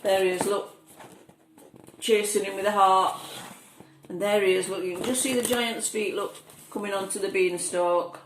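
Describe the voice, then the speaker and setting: A woman reads a children's picture book aloud, gentle and coaxing as she points out the pictures. Her voice sounds echoey in the room. A faint hiss sits under it. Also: mid-range voice, steady tone, moderate pace, long pauses. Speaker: storyteller.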